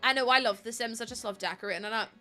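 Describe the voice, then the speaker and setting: A woman's voice: a little high, racing, pushed and bright, faint music behind. A young woman streaming a game from home, talking in a chatty, rambling way and laughing often. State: pregnant. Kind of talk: casual live-stream chat.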